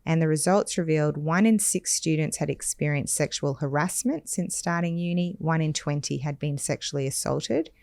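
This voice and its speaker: A woman, hosting a podcast and reading out statistics in a measured, firm way. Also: low-pitched, creaky, darkish tone, dry recording. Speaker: podcast host. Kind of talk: conversational podcast discussion.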